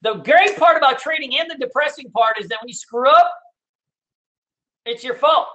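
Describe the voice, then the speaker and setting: A man teaching day trading, making a casual, blunt pitch for his course and swearing freely as he talks straight to his audience. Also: a little fast, pushed and bright, muffled recording.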